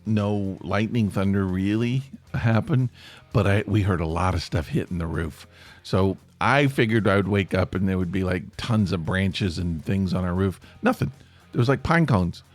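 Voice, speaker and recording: A man from Tennessee with an East Tennessee Appalachian accent, hosting a podcast as a chatty, rambling monologue in the manner of a storyteller. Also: on the low side. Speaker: podcast host.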